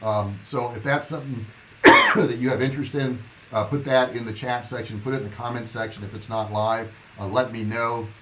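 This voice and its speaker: Guy rambling to his viewers on a live stream, mid-pitched voice, a little faint noise behind. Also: moderate pace, bright, forceful tone, poor audio. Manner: chatty, loose and rambling, talking to viewers. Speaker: livestream host. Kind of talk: casual live-stream chat.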